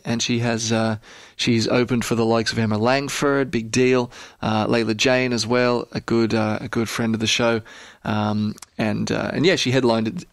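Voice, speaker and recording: Male radio host, mid-pitch, casual, hesitant with fillers, dry close studio mic. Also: no room sound. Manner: halting, with many fillers and restarts.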